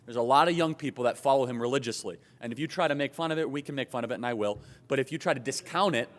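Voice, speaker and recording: A young man from Chicago giving an animated, joking and emphatic political speech at a conference. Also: medium pitch. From Chicago, USA. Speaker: conference speaker. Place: large hotel conference hall. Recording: long hall reverb.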